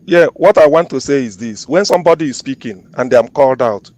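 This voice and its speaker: A man's voice: medium pitch, animated, fairly quick, darkish tone, dry recording. A man, speaking indignantly in a group discussion and repeating phrases insistently. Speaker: discussion participant.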